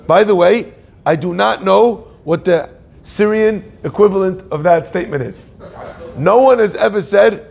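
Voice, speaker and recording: A man giving a Torah class as a sermon to a live audience, lively and joking in asides. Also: high-pitched, moderate pace, creaky.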